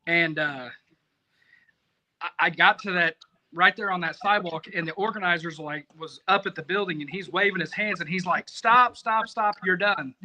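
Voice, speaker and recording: A man telling a rambling, profane story in casual podcast talk, animated and self-mocking. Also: fairly high pitch, normal speed, low-quality recording. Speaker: competition barbecue cook, podcast guest.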